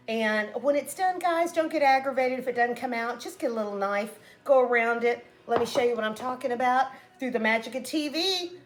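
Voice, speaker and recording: A woman casually chatting to viewers while cooking at home, talking to them as "guys" and laughing often. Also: on the high side. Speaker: cooking vlogger. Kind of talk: casual cooking chat to camera.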